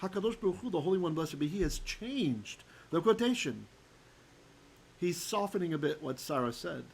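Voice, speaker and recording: A man teaching a Torah lesson as a rabbi, animated and often checking in with his listeners, sometimes chanting verses. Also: a little high, normal speed, creaky, a little hiss or hum, poor audio.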